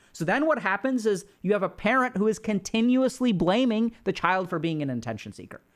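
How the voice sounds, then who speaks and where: A man's voice: high-pitched, a bit bright. A man hosting a mental health livestream, explaining in an educational way and checking in with rhetorical questions.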